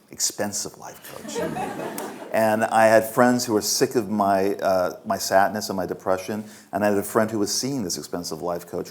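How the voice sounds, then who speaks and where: A man's voice: lowish voice, a little hiss or hum. A man in his fifties, an author answering audience questions at a festival with frank, self-mocking stories. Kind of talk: candid storytelling at a festival Q&A. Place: festival stage before an audience.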